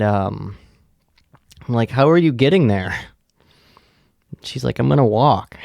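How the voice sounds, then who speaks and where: Podcast host, male; rough gravelly voice, deadpan and rambling, dry close recording. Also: lowish voice, no room sound. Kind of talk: casual storytelling monologue.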